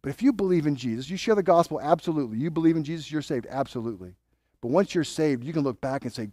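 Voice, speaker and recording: A man preaching a sermon, swinging between loud bold declarations and hushed, intimate asides. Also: mid-range voice, fast talker, no room sound, clean studio sound. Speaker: pastor.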